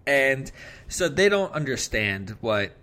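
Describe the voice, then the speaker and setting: A man's voice: mid-range voice, big pitch swings, takes it slowly, bright, forceful tone. A man in his thirties or forties co-hosting a podcast, talking in a laid-back, dry and joking way with his partner. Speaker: podcast co-host. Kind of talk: casual couple chat.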